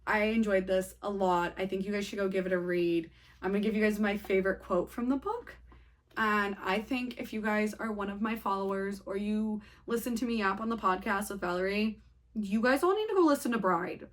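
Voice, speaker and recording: A woman's voice: mid-range voice, a little fast. A young woman chatting casually through a book review, rambling and saying "like" a lot.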